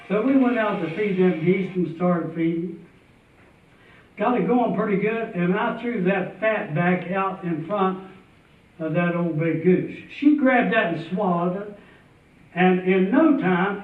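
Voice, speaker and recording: High-voiced folksy storyteller. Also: male voice, unhurried, faint music behind. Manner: folksy, chuckling delivery. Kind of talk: tall tale storytelling. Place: festival stage before an audience. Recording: tinny, distant, echoey hall sound.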